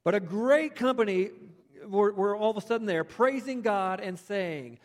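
High-voiced preacher in a reverberant hall. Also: male voice, normal speed. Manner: storytelling, animated, conversational asides. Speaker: pastor. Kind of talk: sermon.

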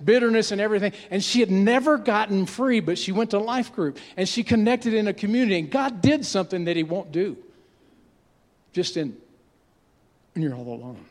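A pastor in his sixties telling a story in a sermon, in animated, conversational delivery with frequent restarts, in a church sanctuary. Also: high voice, fairly quick. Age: 60s. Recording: long reverb of a large hall.

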